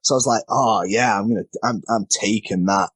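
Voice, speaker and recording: A man's voice: on the low side, fast talker, husky, no room sound. A man, a wrestler being interviewed, telling rambling, self-deprecating stories and often stumbling over his words. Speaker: wrestler guest. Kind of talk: casual interview storytelling.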